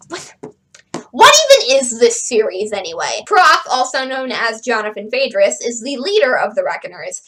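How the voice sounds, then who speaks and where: A woman with a high, bright voice reviews books in a casual video, talking in a chatty, opinionated way. Her tone is sarcastic. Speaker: book reviewer.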